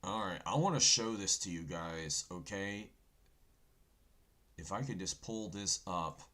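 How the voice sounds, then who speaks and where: A man's voice: deep voice, animated, unhurried, pushed and bright. A man hosting a casual livestream from his computer, talking in a folksy, rambling way, calling his viewers folks and preaching insistently about the Bible, with keyboard typing behind him. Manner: folksy, rambling, says "folks" and "okay" often; preachy, insistent on biblical points. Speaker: livestream host.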